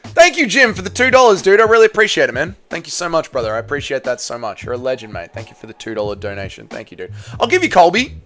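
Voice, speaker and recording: A man's voice: fairly high pitch, sing-song, fast talker, a bit bright, faint music behind. An Australian man hosting a live stream, answering his chat in brash, profane, casual banter. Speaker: livestream host reading chat.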